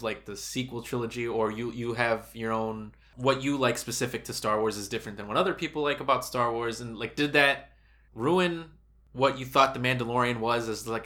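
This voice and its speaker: A man co-hosting a casual podcast chat, asking relaxed, probing questions. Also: medium pitch.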